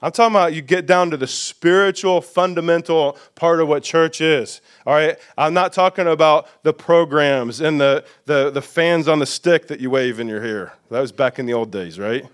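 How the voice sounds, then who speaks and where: A man's voice: a little high, moderate pace, few pauses, smooth. A man preaching a sermon to his congregation as pastor, emphatic and repetitive, putting questions to the listeners. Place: church sanctuary.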